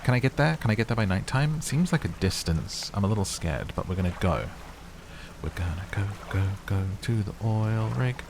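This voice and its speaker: A man's voice: on the low side, lively intonation, moderate pace, gravelly, background noise. A man with a London accent chatting casually while playing a video game and reading its text aloud. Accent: London English. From England. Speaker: gameplay streamer. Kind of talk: relaxed let's-play commentary. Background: game music.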